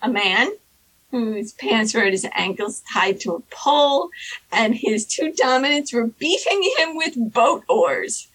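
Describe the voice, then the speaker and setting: Woman storyteller, casual chat, bright and husky tone, lively pitch. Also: unhurried, low-quality recording. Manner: animated, acts out quoted people in high squeaky voices. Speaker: storyteller guest. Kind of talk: casual anecdote telling.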